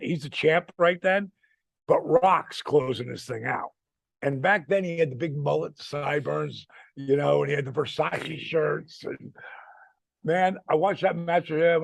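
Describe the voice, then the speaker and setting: A retired wrestler in his sixties tells a story from the road in a casual chat, swearing freely and acting out the people he quotes. His voice is a little high with vocal fry, and there's no room sound.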